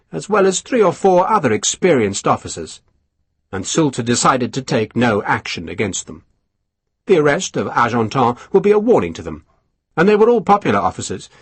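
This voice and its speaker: Male audiobook narrator, expressive, husky voice with lively pitch, close and dry. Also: no room sound. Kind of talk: scripted narration.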